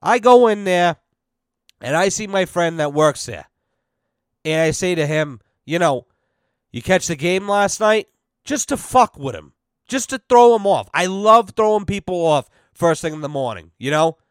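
A young adult man hosting a podcast, telling profane stories in a brash, animated way and acting out the exchanges he quotes. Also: high-pitched, measured pace, clean tone, dry recording, studio quality. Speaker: podcast host. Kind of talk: profane storytelling chat.

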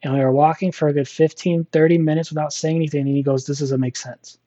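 Man, storyteller guest, mellow tone, rambling delivery with fillers, dull lo-fi recording. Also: on the high side, flat delivery, fast. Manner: rambling, many fillers and restarts. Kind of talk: casual spoken storytelling.

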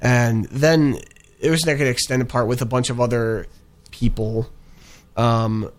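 A young man talks loosely about ads he has seen, his voice sitting at an ordinary middle pitch. He rambles and restarts, leaning on fillers as he goes. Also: fairly even intonation, measured pace. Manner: chatty, rambling, many fillers. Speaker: co-host reviewing ads. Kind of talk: casual chat.

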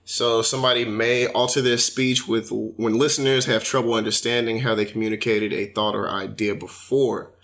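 A man co-hosting a podcast, casually reading definitions aloud and commenting on them in a relaxed way. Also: mid-range voice, moderate pace, hardly any pauses. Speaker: podcast co-host.

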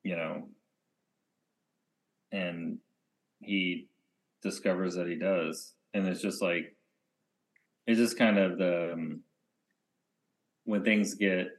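A man co-hosting a podcast in casual chat, rambling and often trailing off into quiet mumbles. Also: deep voice, steady tone, takes it slowly, pauses often. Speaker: podcast co-host.

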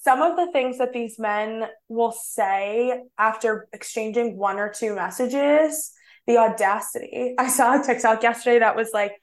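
A woman's voice: on the high side, a little slow. A young woman co-hosting a podcast, chatting casually and laughing often, with a self-deprecating manner. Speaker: podcast co-host. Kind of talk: casual chat.

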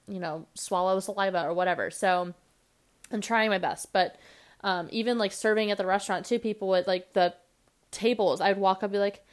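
A young woman hosting her own podcast, talking fast and rambling casually with lots of fillers. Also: mid-range voice, smooth. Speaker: podcast host. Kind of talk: casual solo podcast monologue.

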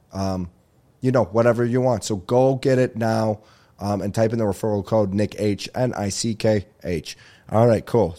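Young guy rambling on his podcast, kinda low and mellow, distracted, swears a lot. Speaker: podcast host. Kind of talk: rambling solo podcast chat.

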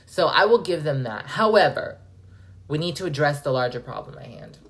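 Woman, young adult, low pitch, podcast host, profane, rambling. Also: normal speed, slight background noise. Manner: profane, animated, rambling with frequent "like". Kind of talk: casual solo podcast rant.

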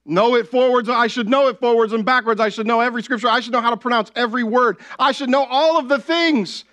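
A man's voice: very high voice, fast talker, pushed and bright. A young adult man preaching a sermon as pastor, talking conversationally and often asking the congregation "right?".

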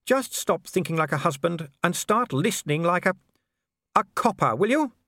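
A man voicing a refined, kindly noblewoman who coaxes her husband gently and practically. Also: sits high, expressive, moderate pace, no echo, clean studio sound, voice pushed up, heavily acted. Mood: brisk, concerned. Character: refined, kindly noblewoman, middle-aged wife.

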